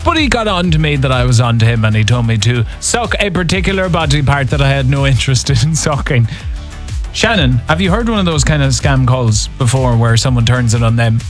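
A man's voice: medium pitch, lively intonation, fairly quick, soft background music. A man hosting an evening radio show, telling a wry story in a casual, chatty way. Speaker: radio host. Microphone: studio microphone.

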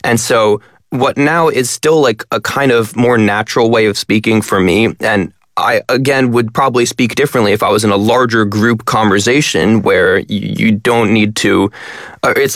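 Fast-talking man explaining in a dry studio. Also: lowish voice, fairly bright tone, no room sound. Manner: fast, analytic, stresses many words. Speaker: guest, language content creator. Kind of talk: radio interview.

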